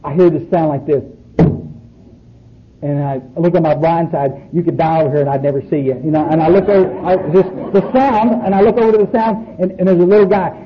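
A man's voice: fairly high pitch, steady tone, fairly quick, crowd noise. A man, speaking bluntly and profanely to a room full of people at a recovery meeting. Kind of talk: speaking to an audience. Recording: muffled recording with faint noise.

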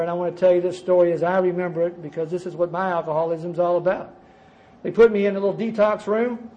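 A man's voice: high-pitched, warm tone, rough recording. A middle-aged man, telling his recovery story to a meeting in a folksy, self-mocking way. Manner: folksy, self-mocking, addresses listeners as guys.

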